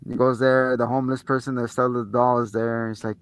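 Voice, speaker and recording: Briskly and with few pauses, a mid-range male voice retells a film's plot on a movie review show he co-hosts, with no echo. The casual recap is full of swearing, and he animatedly plays out the characters.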